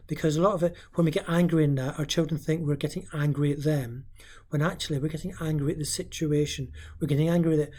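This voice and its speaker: A man's voice: fairly high pitch, fairly even intonation, a little fast, darkish tone, husky. A man giving informal parenting advice in an earnest, coaching way, with many "um" fillers and small restarts. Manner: hesitant, frequent "um" fillers.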